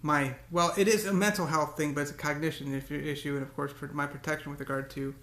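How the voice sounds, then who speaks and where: A man's voice: fairly high pitch, fairly even intonation, quick pace, a bit bright, echoey room. A man talking to the camera in a casual, rambling monologue, often repeating words and breaking into cursing rants. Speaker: vlogger.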